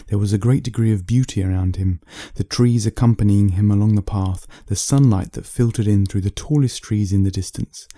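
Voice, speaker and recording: A man from the UK reads a bedtime story in a slow, even way. His voice is low and very mellow, and it is recorded close up with no room sound at all. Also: creaky, no echo. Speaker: author reading his own story.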